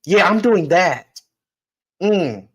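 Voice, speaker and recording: Speaking extremely slowly in a high, expressive, husky voice with a fairly bright tone, a podcast host delivers an emphatic personal monologue. He repeats phrases and addresses his listeners directly, all on poor-quality audio.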